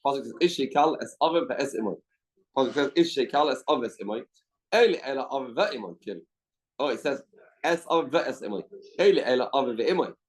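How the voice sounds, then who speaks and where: A man's voice: medium pitch, poor audio. A man teaching a Talmud class as a rabbi, reasoning aloud and repeating his key questions. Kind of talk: Talmud study lecture. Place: study hall.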